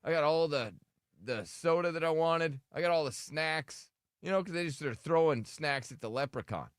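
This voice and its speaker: A man's voice: a little high, moderate pace, clear, resonant tone, dry recording, clean studio sound. A man hosting a morning radio show, joking and telling playful stories in casual banter.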